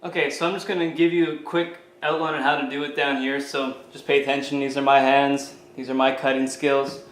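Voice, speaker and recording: This man has a mid-range voice, a level tone, and a slightly fast pace. He's a fitness coach from Canada doing a relaxed cooking demo to camera at home, chatty and loose with plenty of fillers like "you know." The recording is rough, with a roomy sound.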